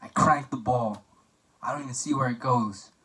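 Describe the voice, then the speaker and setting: Young guy, best-man toast for a class, joking and rambling, bright voice, mic at a distance. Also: medium pitch, normal speed. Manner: chatty and joking, with filler words and anecdotes. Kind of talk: mock wedding toast for a class assignment.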